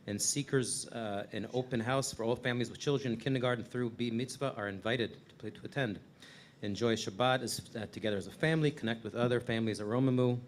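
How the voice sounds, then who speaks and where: A man's voice: mid-range voice, slight background noise. A man reading congregation announcements in a casual way, with fillers.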